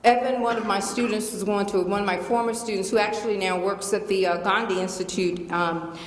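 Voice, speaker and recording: A woman's voice: medium pitch, steady tone, a little fast, slight background noise. Emphatic Southern woman in an echoey hall. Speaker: guest lecturer. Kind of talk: lecture Q&A. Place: large lecture hall. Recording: echoey hall with long reverb.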